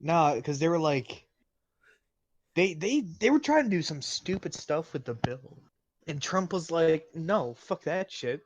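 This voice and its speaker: A man hosting a casual comedy podcast, swearing through his banter. His voice is a little high and very animated, with lots of pitch movement. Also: measured pace, dry recording. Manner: crude, swearing, lively banter. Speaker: podcast host.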